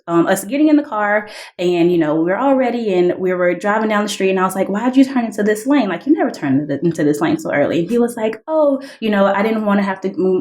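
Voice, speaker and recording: A woman's voice: on the low side, darkish tone. A woman guest on a podcast, earnestly telling a personal story, full of "like" fillers and reenacted dialogue. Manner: earnest, heavy use of "like" fillers; reenacts dialogue in raised voices. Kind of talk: personal testimony in conversation.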